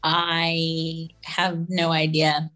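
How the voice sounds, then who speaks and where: Woman, podcast guest, slow and unhurried, hesitant with soft laughs. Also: sits low, monotone, faint music behind, poor audio. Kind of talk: casual interview chat.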